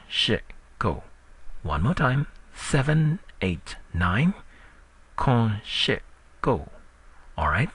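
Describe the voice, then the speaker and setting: Slow, husky, deep-voiced male teacher. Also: no room sound. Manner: slow, patient drilling with lively pitch. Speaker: language teacher. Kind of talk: recorded language lesson.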